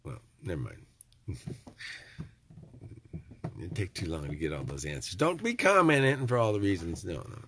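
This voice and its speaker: A man's voice: low-pitched, big pitch swings, moderate pace, pauses often, fairly bright tone, slight background noise. A middle-aged man, rambling in a folksy, preachy vlog monologue with joking asides. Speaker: vlogger.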